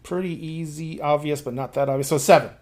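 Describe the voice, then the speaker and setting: A man running a tabletop role-playing game as game master, chatty and quick to laugh. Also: a little high, a little mellow.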